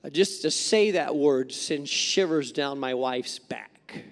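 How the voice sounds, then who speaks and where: A man preaching a sermon as a pastor, telling stories in an animated way and acting out the voices of people in them. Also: mid-range voice, slow, in a large hall. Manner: animated storytelling with acted-out quotes. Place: church sanctuary.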